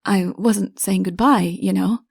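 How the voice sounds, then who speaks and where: A wry, shy young suitor voiced by a woman narrator, speaking low and softly. The voice carries a gravelly fry. The sound is close and dry. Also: steady tone, a little slow, no echo.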